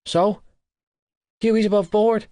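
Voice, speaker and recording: A gruff young rugby captain, short-tempered with his drunk teammate, speaks curt and exasperated. A man plays him with his voice lifted above his reading tone, in a dry close recording. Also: sits high, steady tone, slow, dark tone, no echo, voice pushed up.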